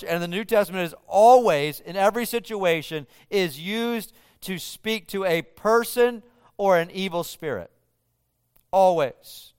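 A man's voice: on the high side, clear, resonant tone, no room sound, clean studio sound. A man preaching a sermon, retelling a scripture scene with vivid storytelling. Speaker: pastor.

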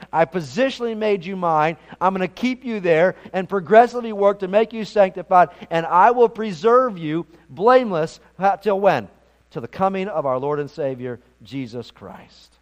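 Earnest higher-voiced male preacher. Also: normal speed. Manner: earnest preaching with frequent word repeats. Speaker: pastor. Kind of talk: sermon.

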